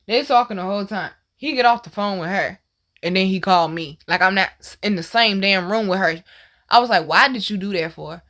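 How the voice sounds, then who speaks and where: Animated, bright-voiced woman storyteller. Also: mid-range voice, brisk. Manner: animated, profane, swings to loud exclaims. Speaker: host. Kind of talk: casual storytelling monologue.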